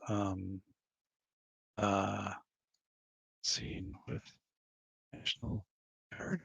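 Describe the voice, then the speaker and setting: A man's voice: lowish voice, vocal fry, fairly bright tone, breathy edge, no room sound. A man hosting a podcast in his studio, rambling casually and acting out bits of dialogue while laughing at his own stories. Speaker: podcast host. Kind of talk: casual chat.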